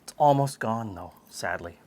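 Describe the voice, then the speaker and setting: A man's voice: fairly low pitch, moderate pace. A man from Canada hosts a home cooking show in an easygoing way. He chats casually while cooking, trailing off with frequent ums. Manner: relaxed, chatty, frequent "um"s.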